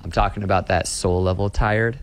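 Low-voiced young guy, pastor, earnest, kinda stumbles and repeats himself as he thinks it out. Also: steady tone, brisk, clear, resonant tone. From Austin, Texas. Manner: earnest, reflective, with frequent restarts and repeated words. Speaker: pastor, interview guest. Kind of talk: conversational interview.

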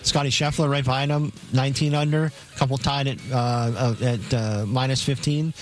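A man's voice: mid-range voice, fairly even intonation, normal speed. A man co-hosting a sports radio show, reading betting lines in a matter-of-fact way with fillers.

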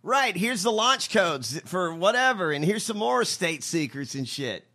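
Man, podcast co-host, profane mocking banter, high lively bright voice. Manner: profane, mocking, quick jokes. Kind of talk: casual chat.

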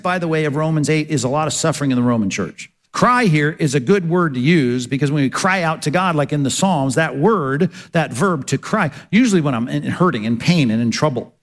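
Male pastor, slightly high voice, earnest sermon delivery, asks and answers his own questions.

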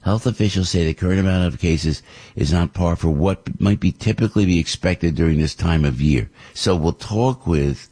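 An American man hosting a talk radio show, rambling and opinionated, his voice jumping high when he gets worked up. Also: normal speed, dark tone, slightly rough.

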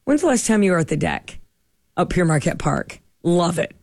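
A middle-aged woman spins a story in an animated, chatty way, slipping into the voices of the people she quotes. The sound is close and dry, with no room around her. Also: on the low side, moderate pace, dry recording. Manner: animated, acts out quoted dialogue. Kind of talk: casual storytelling chat.

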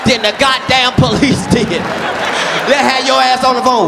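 A man doing stand-up comedy with brash, profane, shouted rants aimed at the audience. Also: extremely high pitch, unhurried, creaky, background noise. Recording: live club show with crowd and music.

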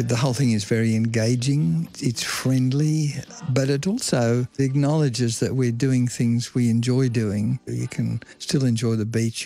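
A man's voice: mid-range voice, vocal fry, warm tone. An older man telling the story of a public health campaign in a chatty way, laughing now and then. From Australia. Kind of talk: recalled storytelling in a radio documentary.

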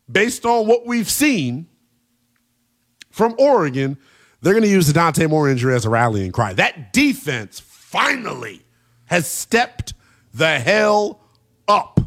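A man hosting a late-night college football radio show, talking in an animated, emphatic way with plenty of slang. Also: fairly high pitch. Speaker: sports radio host.

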